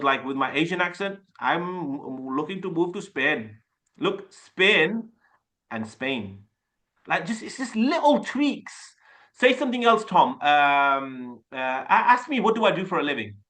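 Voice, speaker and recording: A man in his forties with a Birmingham accent and a fairly high, bright, forceful voice, coaching a group live over a desktop webcam. He talks in an energetic, chatty way, often repeating and restarting words as he goes. Urdu is his first language. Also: normal speed. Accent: Birmingham English. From Birmingham, England. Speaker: sales coach. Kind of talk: casual coaching on a video call. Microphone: desktop webcam mic.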